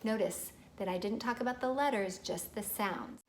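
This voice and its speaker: A young woman teacher talks parents through early reading with clear, patient explanations. Her pitch sits in a middle register, and she slows down to sound out words the way she would for a child. A faint hiss of background noise sits under her voice. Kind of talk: instructional video for parents.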